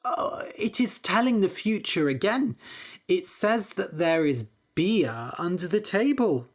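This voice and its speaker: A woman's voice: lowish voice, big pitch swings, slow pace, a little mellow, exaggerated voice. A woman voicing a clever young man who tricks everyone, sly and matter-of-fact.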